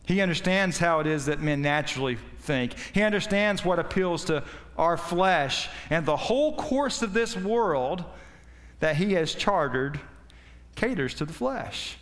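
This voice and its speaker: A man preaching a sermon with passion, his voice swinging between loud high peaks and low quiet stretches. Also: expressive, unhurried, big-room sound. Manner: impassioned, rising and falling in pitch and volume.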